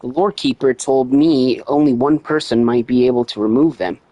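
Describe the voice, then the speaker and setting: A gaming livestreamer with a dark, medium-pitched voice gives casual commentary at a moderate pace, swearing and joking sarcastically while reading the game's dialogue aloud in his own voice. The recording is rough.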